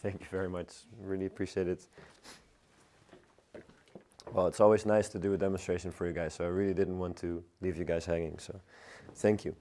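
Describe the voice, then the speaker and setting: A Dutch man, a hoarse and unwell floristry teacher, chatting casually while hosting a live arranging demonstration. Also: low-pitched, a little fast, slight background noise. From Netherlands. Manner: relaxed, chatty, many fillers.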